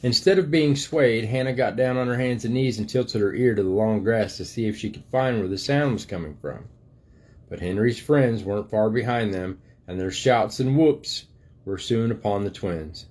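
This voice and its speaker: Reading to his grandchildren from a storybook, a grandfather takes his time and speaks gently. His voice sits fairly low.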